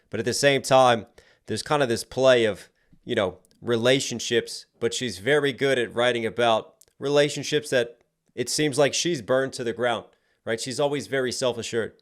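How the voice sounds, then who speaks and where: A man reviewing an album in a casual reaction video, chatty and playful, with frequent filler words. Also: medium pitch. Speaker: music reviewer.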